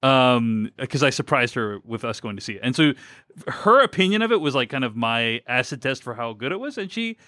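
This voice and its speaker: In a studio-quality recording with no room sound, a film podcast co-host speaks a little fast in a very animated, sharp, medium-pitched voice. His casual review chat rambles along with lots of fillers and restarts.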